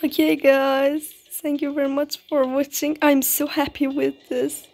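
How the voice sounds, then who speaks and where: Gushing high-voiced woman gaming vlogger. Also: little pitch movement, a little slow, a little mellow, slight background noise. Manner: gushing, repeats exclamations. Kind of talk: excited game commentary. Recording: music playing under the voice.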